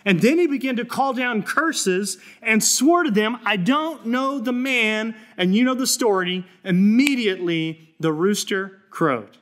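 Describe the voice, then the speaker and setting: Earnest high-voiced male pastor preaching. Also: lively intonation, a little slow, hardly any pauses. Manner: storytelling, earnest and conversational. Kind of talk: sermon.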